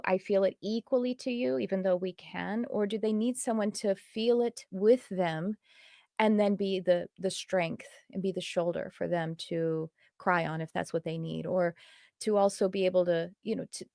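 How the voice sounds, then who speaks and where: A woman's voice: fairly low pitch, gravelly, a little mellow, dry recording, studio quality. A woman spiritual teacher talking to her students in an earnest, reflective way that wanders loosely from thought to thought.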